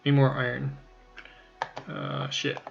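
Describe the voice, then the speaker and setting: A man's voice: medium pitch, monotone, takes it slowly, creaky, highs cut off, faint music behind. A man casually talking through a game tutorial, rambling, joking at his own expense and swearing now and then. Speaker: let's play host.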